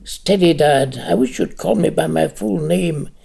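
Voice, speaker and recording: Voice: medium pitch, measured pace, vocal fry, dark tone, slightly rough, full character voice. A reader voicing a grown son who is brusque, urgent and impatient, as an audiobook character. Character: adult son, urgent, curt and protective.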